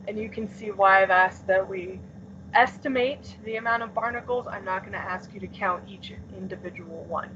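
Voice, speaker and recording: A woman's voice: mid-range voice, moderate pace, a bit bright. Casual woman teacher on a lo-fi call. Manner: casual, filler-heavy explaining with many "um" and "like". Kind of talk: remote class lesson. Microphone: computer mic on a video call. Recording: dull lo-fi call audio, faint hiss.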